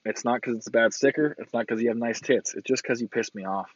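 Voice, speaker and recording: A man in a car, giving a crude, profane road-rage rant and yelling sarcastic insults at other drivers. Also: mid-range voice, fast talker, dry recording. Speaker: vlogger ranting while driving. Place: inside a car in traffic. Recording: dull lo-fi sound.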